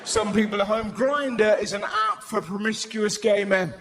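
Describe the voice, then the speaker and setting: A man performing a live stand-up set, animated and acting out voices as he shouts his punchlines. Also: high voice, measured pace. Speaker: stand-up comedian. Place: large live venue stage. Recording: roomy live venue with loud ambience.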